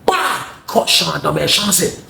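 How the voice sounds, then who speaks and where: A man's voice: fairly high pitch, brisk, vocal fry, echoey room, slight background noise. A man telling a casual storytime, slangy and talking to viewers while acting out the scenes.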